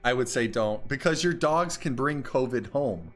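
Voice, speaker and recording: A man with a mid-range, slightly bright voice speaks at a moderate pace in an animated way, over soft background music. He co-hosts a casual comedy news podcast, reading headlines aloud and laughing often.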